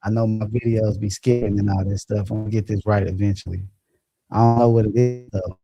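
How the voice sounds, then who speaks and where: Gravelly, laid-back man telling stories. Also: lowish voice, steady tone, brisk, warm tone, no room sound, muffled recording. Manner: loose, profane storytelling, laughs often. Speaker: livestream host. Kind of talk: casual livestream chat reading comments. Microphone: phone or computer mic.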